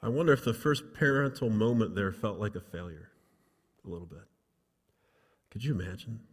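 A man preaching a sermon, reading scripture dramatically and dropping softly into asides, then leading a prayer. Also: on the low side, normal speed, breathy edge, long reverb tail. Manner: dramatic reading, rising loud for quotes, dropping soft for asides. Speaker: pastor.

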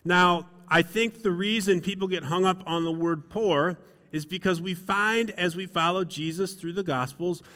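Middle-aged male pastor, easygoing sermon delivery, slightly higher voice, church hall reverb. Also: steady tone, moderate pace, pushed and bright. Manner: conversational, self-deprecating storytelling. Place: church sanctuary.

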